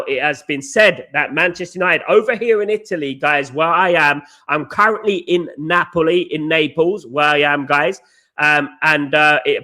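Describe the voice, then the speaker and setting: A man hosts a football live stream in a loose, rambling way, greeting viewers by name and repeating "of course, guys". His voice is bright and sits a little higher than most men's. He sounds slightly hoarse. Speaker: football podcast host. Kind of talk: casual live-stream chat. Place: hotel or flat in Naples, indoors.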